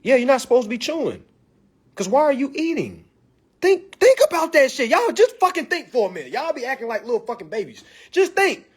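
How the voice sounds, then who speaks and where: A man's voice: very high voice, big pitch swings, brisk, husky. A man holds forth in a profane monologue. He talks bluntly and provocatively, lecturing his listeners like a preacher. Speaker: vlog commentator. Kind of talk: ranting monologue.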